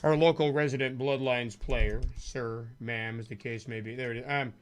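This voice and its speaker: With a clean, steady, mid-range voice at a moderate pace, a man jokes his way through casual live-stream commentary on a retro arcade game. Game music plays behind him. He chuckles a lot and drops into comic voices.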